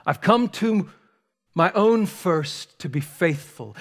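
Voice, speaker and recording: A man preaching a sermon as pastor, speaking emphatically with dramatic pauses and rising intensity. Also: high voice, lively intonation. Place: church sanctuary.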